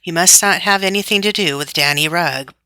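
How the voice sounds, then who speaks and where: A woman's voice: lowish voice, a little fast, bright, forceful tone, no echo, pitched above the performer's own voice. A woman reading aloud, voicing a mother who gives firm, caring instructions.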